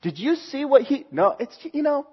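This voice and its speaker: A man's voice: very high voice, big pitch swings, normal speed, lo-fi sound, a little hiss or hum. A man preaching a sermon in a conversational way, acting out the voices he quotes. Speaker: pastor.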